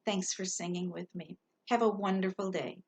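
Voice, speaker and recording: A woman's voice: medium pitch, fairly even intonation. A woman leading a Sunday school class, patiently teaching a children's song line by line with a ukulele on a dull, lo-fi recording. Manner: slow, patient, sings lines then talks through them. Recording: dull lo-fi sound with loud ukulele.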